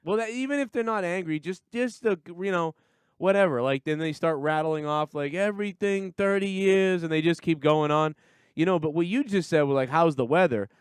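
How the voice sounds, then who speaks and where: A man's voice: on the high side, fairly quick, smooth, no echo, studio quality. A man hosting a podcast in casual chat, joking and incredulous, often laughing. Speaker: podcast host.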